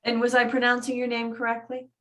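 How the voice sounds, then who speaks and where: A woman moderating a question session over a video call, polite and unhurried. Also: on the high side, monotone.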